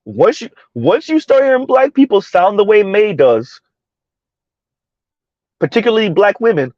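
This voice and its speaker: A man's voice: high voice, sing-song, a little slow, long pauses, a little mellow, dry recording, dull audio. A man giving heated, mocking commentary in a ranting style, his voice jumping up sharply for emphasis. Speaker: online commentator.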